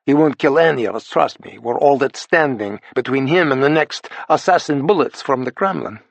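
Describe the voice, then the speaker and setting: A man voicing a calm, steady ally who explains things plainly. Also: medium pitch, normal speed, creaky, no echo. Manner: plain, matter-of-fact.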